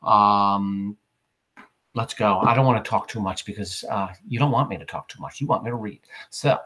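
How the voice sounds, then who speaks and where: A man's voice: lowish voice, moderate pace, bright, forceful tone. A man teacher reading a play aloud to his class and stopping often to explain it in a chatty way. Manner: chatty, explains with many fillers.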